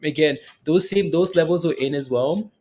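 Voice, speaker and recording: A man's voice: a little high, normal speed, a little mellow, faint music behind. A man casually chatting with his livestream audience about crypto prices, answering comments and often tagging his sentences with "right?". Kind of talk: casual chat reading live comments.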